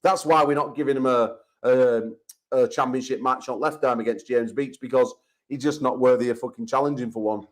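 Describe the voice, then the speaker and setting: A man's voice: medium pitch, steady tone, brisk, poor audio. An English man hosting a call-in chat show, talking in brash, profane trash-talk banter. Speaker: host.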